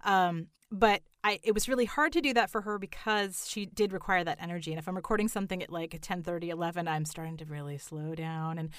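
A woman's voice: on the low side, fairly even intonation, fast talker, few pauses, fairly bright tone, clean tone, no room sound, clean studio sound. A middle-aged woman who voices characters, chatting in an interview in a self-deprecating way, full of fillers and restarts. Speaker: voice actor guest. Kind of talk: casual interview chat.

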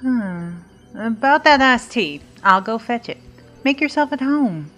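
Actress as a sweet older church lady, lively sing-song voice, syrupy endearments, radio drama. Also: fairly high pitch, measured pace, faint music behind. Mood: knowing. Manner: sugary, calls the visitor dear and honey. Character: sweet older woman, a doting churchgoing hostess. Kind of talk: audio drama acting.

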